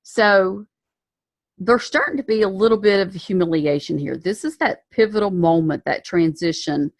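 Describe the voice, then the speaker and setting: A woman's voice: medium pitch, normal speed, no room sound, clean studio sound. A woman giving a casual Bible lesson, retelling the story in a chatty way with slang and frequent self-corrections. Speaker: Bible teacher.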